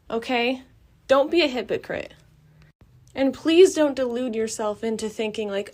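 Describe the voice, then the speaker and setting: A woman's voice: a little high, normal speed. Young woman, podcast host, blunt and passionate, rambling, outdoor recording. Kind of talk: casual monologue. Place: outdoors near a building.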